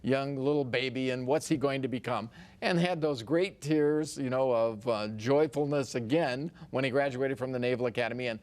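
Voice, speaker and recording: An older man appearing as a guest on a television talk show, recalling family memories in a measured, reflective way, recorded in a TV studio. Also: mid-range voice, darkish tone.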